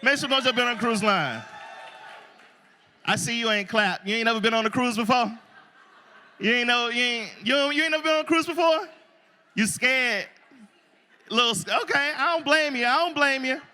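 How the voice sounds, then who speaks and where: A male stand-up comedian from Florida, working the crowd loudly at a live show and acting out other people's voices. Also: extremely high pitch, moderate pace, pauses often. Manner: loud crowd work, acts out characters' voices. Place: live show before an audience.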